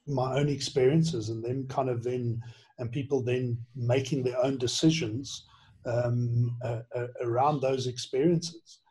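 A middle-aged man, a former headmaster and author, reflecting in an interview with many pauses and restarts. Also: medium pitch, mellow. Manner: halting, many restarts, earnest and emotional.

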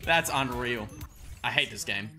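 A young man streaming a video game, talking to himself with excitable commentary and sudden yelps. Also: mid-range voice, unhurried. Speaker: gaming streamer. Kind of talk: live gameplay commentary. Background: background music.

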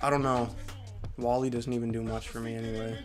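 A young man commentating his own football video game, trailing off into mumbles and then bursting into angry yells at the players. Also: medium pitch, level tone, fairly quick, over music. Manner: swings from mumbling to yelling at the game. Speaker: gaming commentator. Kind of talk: let's play commentary. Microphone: headset or desk microphone.

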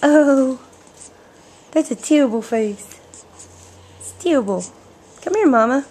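A woman's voice: high-pitched, animated, takes it slowly, a little mellow. A woman cooing doting baby talk with kissing sounds at home, filmed on a home video camera. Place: home, indoors.

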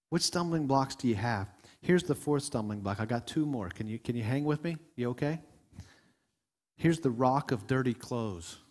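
A man's voice: mid-range voice, a little mellow. A middle-aged man preaching a sermon to his congregation in a conversational way, repeating words, restarting sentences and asking the listeners questions. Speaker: pastor. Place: church sanctuary before a congregation.

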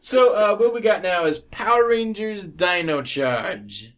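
A man's voice: sits high, animated, measured pace, a bit bright. Podcast co-host, male, casual and rambling, fillers galore, laughs a lot. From United States. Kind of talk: casual chat.

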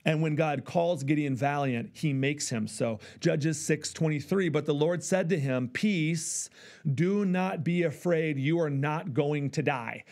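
A middle-aged male pastor preaching, acting out voices in an animated way. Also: fairly high pitch, a little slow. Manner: animated, acts out dialogue with God. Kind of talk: sermon.

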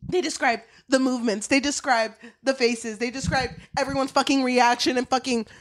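A woman's voice: high voice, moderate pace, no room sound. A woman co-hosting a casual book-review chat, retelling the story with a lot of swearing and laughter. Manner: profane, animated retelling with laughs. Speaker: podcast co-host.

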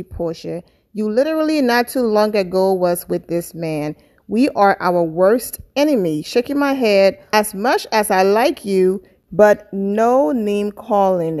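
Brief: female gossip host, mid-pitched, animated comment-reading with quick reactions. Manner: animated, reads comments aloud with quick asides.

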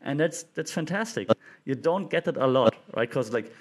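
A man's voice: medium pitch, animated, moderate pace. A young man hosting a casual commentary show, talking with enthusiasm and acting out quotes in a livelier voice. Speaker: podcast host.

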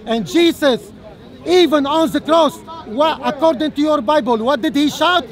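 A man with a very high voice argues outdoors at a speakers' corner, halting often on fillers and restarts, then pressing his point with repeated rhetorical questions. A faint murmur of crowd chatter sits behind him in the open air. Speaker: street debater. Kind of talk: heated open-air religious debate.

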